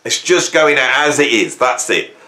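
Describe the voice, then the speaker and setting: A middle-aged man hosting a music channel, ranting at his viewers in a theatrical, self-mocking way, swinging from hushed asides to loud bursts. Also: mid-range voice, lively intonation, moderate pace. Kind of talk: casual mock-rant to camera. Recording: echoey room.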